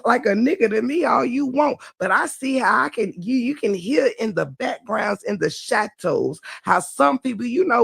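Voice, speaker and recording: A woman with a gravelly, creaky edge holds forth on a live stream in a dry, close-miked sound. She is blunt and profane and lectures her listeners, often checking in with rhetorical questions. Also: medium pitch, dry recording. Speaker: streamer giving commentary. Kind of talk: unfiltered live-stream commentary.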